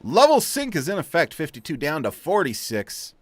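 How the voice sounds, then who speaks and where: A man's voice: a little high, huge pitch swings, normal speed, breathy edge, no room sound. Wry man commenting on gameplay. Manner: self-mocking, wry asides. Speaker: let's play host. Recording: faint game music behind.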